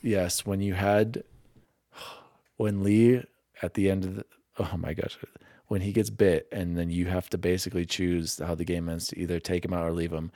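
A young man hosting a casual gaming podcast, openly sentimental and quick to laugh at himself. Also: sits low, level tone, warm tone, no room sound, clean studio sound. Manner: emotional, self-deprecating, quick to laugh. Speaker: podcast host.

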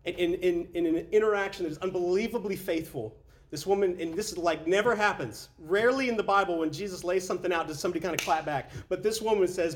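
A man with a high voice and a quick pace preaches as a pastor in a casual, conversational sermon. He says "man" a lot and frequently restarts his sentences.

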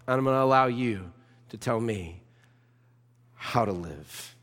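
A man's voice: mid-range voice, unhurried, pauses often, fairly bright tone. A man, a pastor, preaching a sermon with impassioned, urgent exhortation. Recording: long reverb of a church hall.

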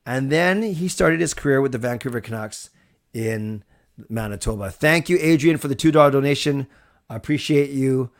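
A man hosts a live stream in a loose, rambling way, chatting straight to his viewers and thanking them. His voice sits at an ordinary middle pitch. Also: animated, normal speed. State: recovered from a cold. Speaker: livestream host. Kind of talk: casual live-stream chat.

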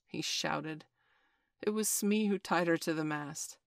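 A woman reading a children's classic aloud in a measured, expressive storytelling manner. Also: low voice, gravelly, dry recording, clean studio sound. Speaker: narrator. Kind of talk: audiobook narration.

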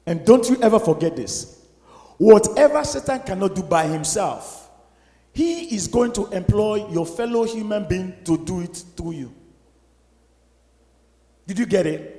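High-voiced male pastor preaching emphatically, with a long hall reverb. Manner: emphatic preaching with sudden shouts and laughs. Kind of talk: sermon. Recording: echoey hall.

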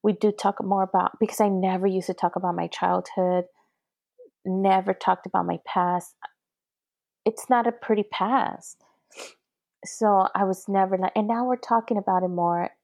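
A middle-aged woman talks earnestly in a casual conversation, her voice carrying a gravelly edge. The recording is dry, with almost no room sound. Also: medium pitch, a little mellow, no echo. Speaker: guest, mother.

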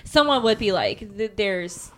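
A woman's voice: medium pitch, lively intonation, a little slow, a bit bright. A woman co-hosting a podcast in casual chat, chatty and often giggling. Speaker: podcast co-host.

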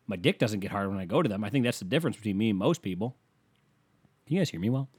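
A man's voice: on the low side, racing, slightly rough. Rambling, swearing male comic. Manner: rambling, profane, lively. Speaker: comedian. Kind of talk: profane stand-up rant.

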